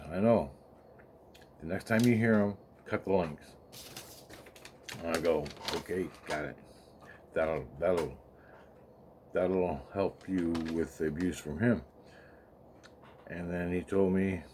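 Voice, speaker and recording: A man's voice: deep voice, slow pace, pauses often, darkish tone, slight background noise. A man rambling and swearing as he recounts a spiritual experience, acting out the dialogue in his story. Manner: rambling, profane, acts out quoted dialogue, laughs often. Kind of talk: rambling casual monologue.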